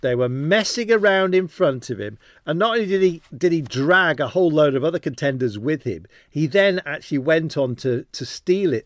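A man's voice: on the high side, no room sound, clean studio sound. A man who works as a cycling commentator, chatting casually in a rambling, anecdotal way with self-deprecating humour. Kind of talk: casual interview chat.

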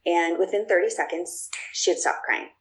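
A woman's voice: fairly low pitch, normal speed, rough recording. A woman guest telling personal stories in a casual, chatty way, with plenty of fillers and restarts. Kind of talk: casual storytelling.

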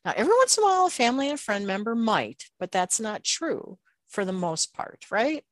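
A woman's voice: on the high side, very animated, a little fast, dry recording. A woman hosting a podcast interview, speaking with emphatic enthusiasm. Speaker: podcast host.

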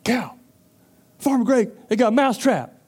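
A man's voice: very high-pitched, sing-song, a little slow, a little mellow, slightly rough, pitched above the performer's own voice, exaggerated voice. A man voicing a frantic little male farm mouse that urgently warns the other animals. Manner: urgent, pleading warnings.

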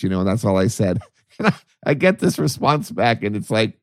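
A man telling a story on a podcast in a casual way, laughing often and acting out his own excited voice. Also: medium pitch, a little fast, no echo, clean studio sound. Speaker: podcast co-host, archivist.

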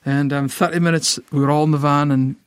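A man's voice: a little high, fairly even intonation, a little fast, clear, resonant tone, no echo, studio quality. A middle-aged Scottish man telling an emotional personal testimony, stammering and repeating words as he tells it vividly. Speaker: ministry founder, guest.

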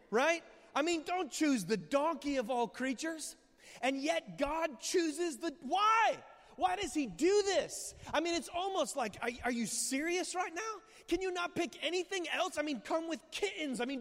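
A male pastor delivers a sermon with animated storytelling, peppering it with rhetorical questions and quick asides. His voice sits high for a man, and it rings out with a long reverb in a church hall. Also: creaky.

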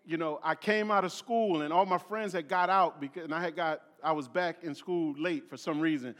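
A Philadelphia preacher with a somewhat high, slightly bright voice speaks at normal speed during a sermon. Reading scripture aloud and explaining it, he repeats words and restarts frequently, with many fillers; the recording has a long hall reverb.

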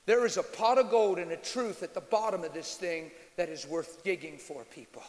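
A high-pitched man delivers a sermon in a church hall, his voice trailing off in a long reverb. He shifts from quiet, intimate storytelling to shouted, animated exhortation. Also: normal speed. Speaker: pastor.

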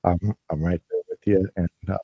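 A man hosting his podcast, speaking haltingly with many fillers and restarts, emotional as he sends a holiday message to listeners. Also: deep voice, little pitch movement, breathy edge, no room sound, narrow, tinny audio. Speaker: podcast host.

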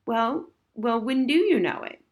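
A woman's voice: a little high, lively intonation, unhurried, pitched above the performer's own voice. A woman voicing a curious, blunt eleven-year-old girl who pesters with questions in a storybook reading. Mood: exasperated.

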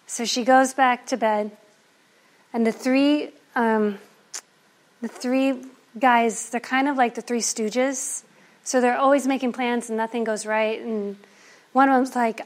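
A woman performing an oral folktale in a lively, playful way. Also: on the high side, unhurried. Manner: lively, animated, playful asides. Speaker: storyteller.

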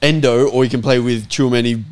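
A man's voice: mid-range voice, fairly even intonation, fairly quick, clear, resonant tone. An Australian man co-hosting a casual football podcast, teasing and provoking the others with his opinions. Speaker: podcast co-host, Arsenal fan.

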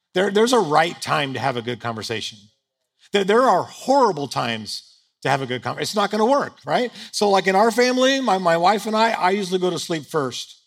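A pastor with a fairly high, gravelly voice preaches on stage before a live audience. His sermon is humorous and conversational, and he often makes himself the butt of the joke.

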